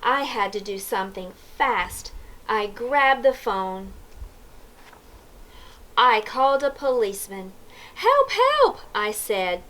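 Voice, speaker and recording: A woman reading a picture book aloud for young children, expressive and inviting them to join in. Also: mid-range voice, slow, long pauses. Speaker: storyteller.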